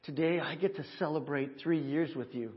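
A male pastor talks with his congregation during a church service, upbeat and engaging, with lots of back-and-forth. His voice sits a little on the high side for a man. The recording is dull and lo-fi. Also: normal speed. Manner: warm, upbeat, talks with the congregation and teaches them. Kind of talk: sermon.

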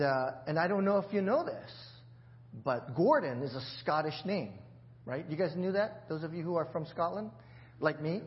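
A man's voice: on the high side, highs cut off. A man preaching a sermon in a church, in a chatty, joking way with many restarts. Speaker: pastor.

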